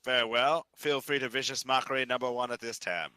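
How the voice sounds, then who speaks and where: Bright-toned male dungeon master. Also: medium pitch, fairly even intonation, clean tone, no room sound, low-quality recording. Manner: easygoing, makes quick rulings. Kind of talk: running a tabletop game.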